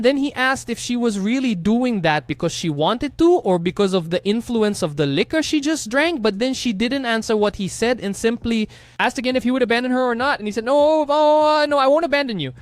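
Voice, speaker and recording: Man, high voice, jumping up and down in pitch, slangy comic recap, dry close sound. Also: no room sound. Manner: excitable, slangy, teasing asides to viewers. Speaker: manhwa recap narrator. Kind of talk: casual comic story recap.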